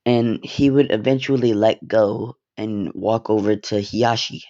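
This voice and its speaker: A man's voice: lowish voice, steady tone, unhurried, mellow, lo-fi sound. A young man casually narrating a fan story, with offhand, rambling asides and swearing.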